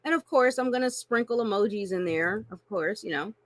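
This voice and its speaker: A woman coaching on marketing in an animated, playful way, laughing often and addressing listeners as y'all. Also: medium pitch, brisk, no echo. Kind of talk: teaching a marketing lesson with acted-out examples.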